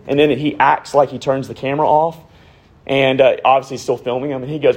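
A man in his thirties, a pastor preaching a sermon, swinging from raised emphasis down to hushed, near-whispered lines. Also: medium pitch, steady tone, a little fast, breathy edge.

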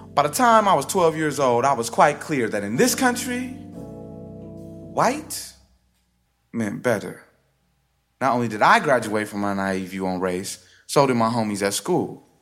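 A man performing a personal story live on stage, with a rhythmic, theatrical delivery that swings sharply in pitch and loudness. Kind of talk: live spoken-word storytelling. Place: stage before a live audience. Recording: live stage recording with music bed underneath.

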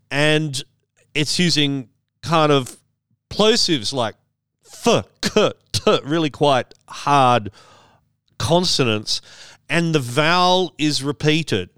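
A man's voice: on the high side, fairly bright tone, clear, resonant tone, no echo, clean studio sound. A man hosting a solo podcast, talking in a chatty, wry way with rambling asides. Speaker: podcast host.

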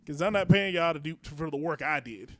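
A man co-hosts a comedy podcast, his voice sitting notably high. He rambles through stories, swears freely and makes fun of himself. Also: a little fast. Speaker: podcast co-host. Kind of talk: casual comedy chat.

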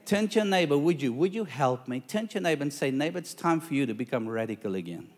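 Dramatic storytelling preacher, man, higher voice. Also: lively intonation, quick pace. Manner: dramatic storytelling with call-and-response to the congregation. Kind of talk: sermon.

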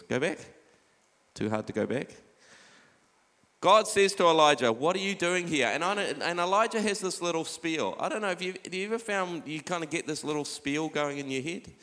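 A middle-aged man preaching a sermon, urging his listeners on with repeated "come on" and dropping quieter when he reads scripture aloud. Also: on the high side. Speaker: pastor. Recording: long hall reverb.

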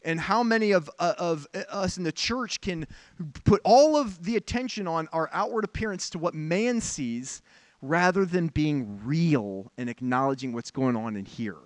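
A man's voice: fairly high pitch, animated, normal speed, dry recording. A pastor giving a sermon in a candid, conversational way, with frank asides to his congregation.

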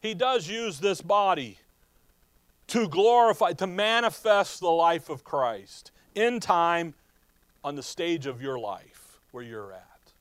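A male pastor preaches with lively emphasis in a fairly high voice, often pausing on a rhetorical "what?" for the congregation. The sound is dry and close, with little room. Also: dry recording. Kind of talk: sermon.

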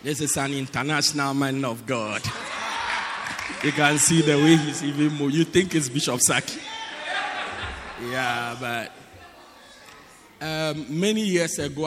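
Emphatic pastor in an echoey church. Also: male voice, fairly high pitch, unhurried, pauses often, a bit bright, a little hiss or hum. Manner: emphatic, repeats himself for effect. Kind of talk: sermon announcements. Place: church hall. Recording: echoey church hall, crowd murmur.

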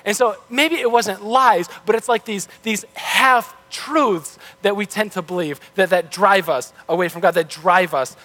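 Male pastor, relaxed conversational sermon, self-correcting, fairly high voice, long church reverb. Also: a little slow, hardly any pauses.

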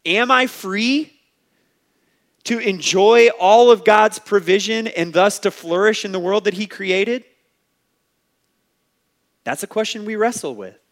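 A man's voice: high-pitched, fairly bright tone. A man preaching a sermon as pastor, earnest and conversational, often saying "like". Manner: earnest, exhorting.

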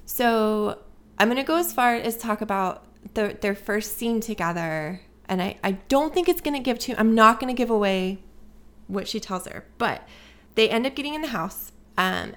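A woman's voice: mid-range voice, animated, moderate pace, fairly bright tone. Chatty woman recapping a movie, swearing freely. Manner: chatty storytelling, swears freely, lots of fillers. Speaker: podcast co-host. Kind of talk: casual chat, movie review.

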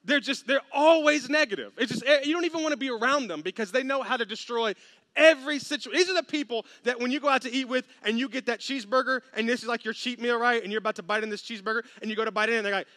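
Animated man preaching. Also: very high voice, fast talker, no room sound, studio quality. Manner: animated, humorous, acts out quoted voices. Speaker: pastor. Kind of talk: sermon.

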